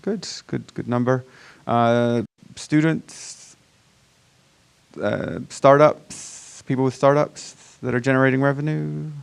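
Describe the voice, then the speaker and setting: A man from Virginia with an accent that mixes American and British, giving a casual, self-deprecating startup pitch to a conference audience with many fillers and restarts. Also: steady tone, takes it slowly, gravelly, smooth. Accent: mixed American and British. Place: conference room before a live audience.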